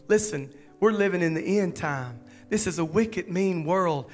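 Pastor, male, higher-pitched, soft sermon voice over quiet church music. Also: a little slow, few pauses. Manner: soft and low at first, rising to fervent preaching. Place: church sanctuary.

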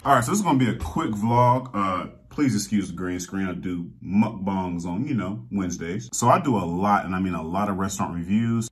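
A man telling a long story in a casual unboxing vlog, animated and full of loud, exasperated outbursts, recorded in an indoor room. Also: deep voice. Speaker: vlogger. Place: indoor room with green screen.

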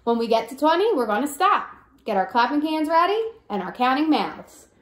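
A young woman teaching a preschool circle time lesson, with slow, sing-song, coaxing teacher talk and songs. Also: high voice, big pitch swings. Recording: echoey room with faint noise.

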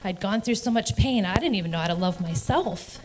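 A woman's voice: medium pitch, lively intonation, fairly quick, noisy background. A middle-aged woman from New Jersey giving an earnest, emotional personal testimony in a church service, with nervous laughs. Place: church sanctuary.

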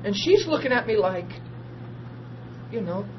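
A middle-aged man preaching a sermon built on personal testimony, animated, acting out the people in his stories and laughing easily. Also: sits high, measured pace. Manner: animated storyteller, acts out dialogue, laughs easily. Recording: dull lo-fi archive recording with steady noise.

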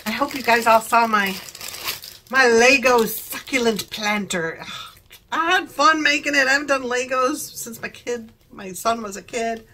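A woman's voice: a little high, unhurried, bright, forceful tone, a little hiss or hum, rough recording. An older woman and grandmother chatting at home in her living room while showing products she bought, rambling off topic and laughing often. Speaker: product haul vlogger. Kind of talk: casual chat.

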